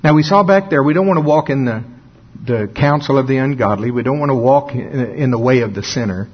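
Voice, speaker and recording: A man preaching a folksy sermon, often laughing and slowing down for dramatic emphasis. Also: mid-range voice, husky. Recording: dull lo-fi sound.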